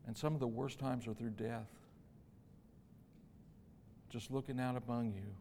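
A man preaching a sermon, moving between quiet, tender stretches and loud, emphatic passages. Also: mid-range voice, slight background noise. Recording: long hall reverb.

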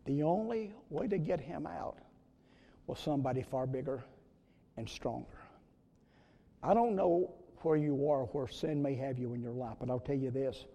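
A man preaching a sermon, telling a story in an earnest way with sudden loud rises. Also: fairly high pitch. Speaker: pastor. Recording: long reverb of a church hall.

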